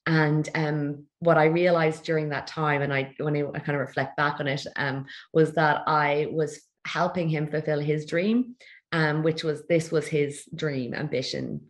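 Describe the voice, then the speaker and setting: A woman, a feng shui expert chatting as a podcast guest and telling her story with quick asides and laughs. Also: low voice. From Ireland. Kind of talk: casual interview chat.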